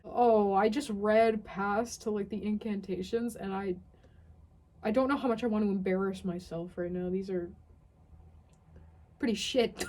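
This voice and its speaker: A woman's voice: mid-range voice, normal speed, darkish tone. A young woman reading a strange ritual text aloud and commenting on it. Tired, sardonic and swearing often. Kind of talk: dramatic reading with casual commentary.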